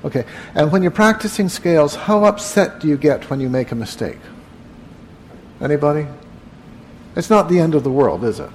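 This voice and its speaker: A man teaching meditation to a live group in a room, relaxed and conversational, often asking the room questions. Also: fairly high pitch, moderate pace, pauses often, slight background noise. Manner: relaxed, asks the audience questions, frequent "uh". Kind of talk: evening talk to a live group.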